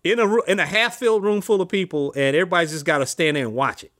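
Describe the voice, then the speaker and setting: A man's voice: high-pitched, racing, fairly bright tone. A man in casual film discussion, agreeable and chiming in, recapping plot points.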